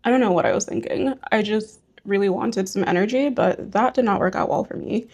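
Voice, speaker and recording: A young woman vlogging casually as she goes through her hygiene routine, talking in a gentle, reassuring, rambling way with many fillers. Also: mid-range voice, brisk, breathy edge. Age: young adult. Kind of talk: casual talk to camera while doing hygiene.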